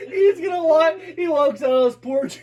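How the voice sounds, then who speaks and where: A man's voice: very high voice, moderate pace, noisy background. A man doing crude, mocking commentary over a played clip, swearing and laughing often. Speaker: co-host roasting a video.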